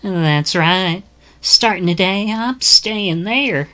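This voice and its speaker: A woman's voice: mid-range voice, slow pace, bright, forceful tone, soft background music, voice pushed up. A woman putting on a chirpy, blunt young woman. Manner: chirpy, sing-song, calls people love. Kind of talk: reading a visual novel aloud.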